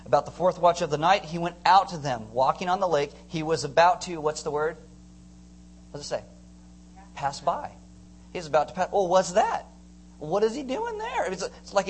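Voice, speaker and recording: A man preaching a sermon to a congregation, animated, acting out scenes and joking with the crowd. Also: a little high, a little hiss or hum. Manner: animated, acts out screams and jokes with the congregation. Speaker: pastor.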